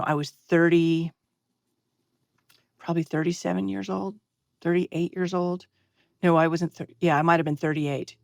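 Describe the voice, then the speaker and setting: A woman's voice: sits low, no room sound, studio quality. A middle-aged woman, a guest in an interview, telling her story candidly and earnestly, acting out the dialogue she recalls. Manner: earnest, animated retelling with quoted dialogue. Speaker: interview guest, health advocacy founder.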